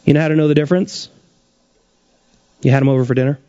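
A man preaching a sermon as pastor, his pitch rising and dropping sharply for emphasis. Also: steady tone, quick pace, warm tone, dry recording, lo-fi sound.

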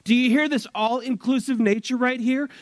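A man preaching a sermon at a church service, drawing out key phrases slowly for emphasis. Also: very high-pitched, fairly even intonation, dry recording. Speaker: pastor.

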